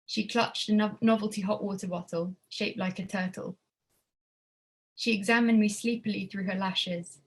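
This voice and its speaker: A woman reading her own prose at a literary evening, measured with a wry tone. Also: medium pitch. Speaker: student writer reading her work.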